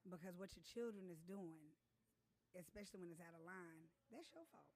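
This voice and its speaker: A woman's voice: on the low side, normal speed, a little mellow. A woman podcast host in casual chat, talking in an emphatic, preachy way with an authoritative voice that can turn harsh.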